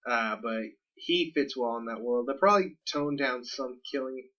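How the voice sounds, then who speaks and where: A man co-hosting a casual podcast, easygoing and laughing along, with quick asides. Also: mid-range voice, fairly bright tone. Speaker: podcast co-host. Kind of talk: casual chat. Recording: distant, dull lo-fi mic.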